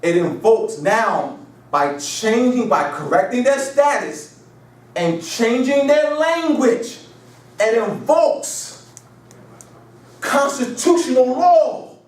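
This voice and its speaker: A man lectures a class in a high voice that leaps up and down. He hammers his points with repetition and rhetorical questions, then drifts into chatty anecdotes. He is picked up from far off in a strongly echoing room. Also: expressive, slow pace, a little mellow. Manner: chatty storytelling asides. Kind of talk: classroom lecture with call and response. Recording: echoey room, mic far off.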